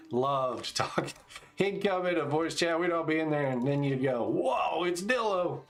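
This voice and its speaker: Here a man in his forties speaks unhurriedly in a fairly high voice. He's streaming a game and offering casual, laid-back commentary, chatting between stories and calling out tactics.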